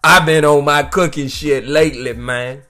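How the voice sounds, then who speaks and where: A man's voice: a little high, fairly even intonation, moderate pace, bright, forceful tone, soft background music. A man hosting his own weekly podcast, ranting casually with loose, profane jokes and frequent "you know what I'm saying.". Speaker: podcast host. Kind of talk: casual solo podcast rant.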